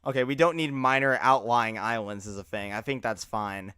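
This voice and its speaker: A man streaming live, giving casual, animated reaction commentary full of loose filler words. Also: mid-range voice, moderate pace, clean tone, no room sound, studio quality.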